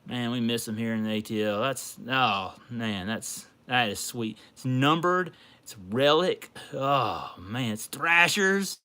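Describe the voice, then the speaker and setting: A man hosting a casual collectibles livestream, gushing excitedly as he opens a package. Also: medium pitch, takes it slowly, clean tone. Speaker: card collecting livestream host. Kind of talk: casual livestream chat while opening a package.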